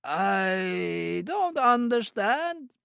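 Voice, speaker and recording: A man's voice: sits high, very animated, gravelly, a bit bright, clear, resonant tone, no echo, clean studio sound, voice pushed up, heavily acted. A man voicing a small, fat, frightened club owner with a thick voice in an audiobook. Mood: fearful. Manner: pleading, panicky, drawn-out. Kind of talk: audiobook character reading.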